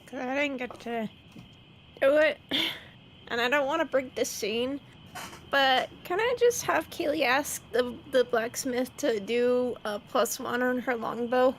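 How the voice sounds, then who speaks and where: A woman's voice: high-pitched, measured pace, a little hiss or hum. A woman, a tabletop game player, politely asking a favor out of character.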